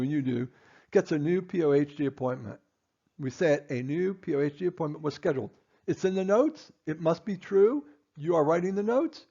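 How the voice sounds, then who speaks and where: A man's voice: a little high, gravelly, darkish tone, dull audio. A man, a dentist, giving a stern training lecture to his assistants, emphatic and repeating his points.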